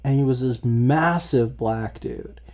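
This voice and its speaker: A man's voice: medium pitch, slow, darkish tone. A young man co-hosting a podcast, chatting casually and profanely, saying "dude" a lot. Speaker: podcast co-host. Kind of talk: casual chat.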